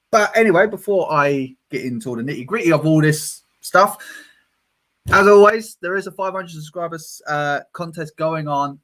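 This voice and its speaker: A man's voice: fairly high pitch, fairly bright tone. A man with a British accent hosting a casual group livestream, chatty and self-mocking, laughing often. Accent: British English. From Britain. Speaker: stream host.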